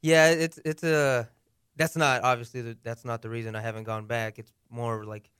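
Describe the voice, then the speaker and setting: A man in a relaxed podcast chat who reminisces reflectively and leans on filler words. His voice is smooth and resonant at a middle pitch. It is recorded dry, with no room echo. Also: moderate pace. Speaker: podcast guest, radio host. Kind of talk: casual chat.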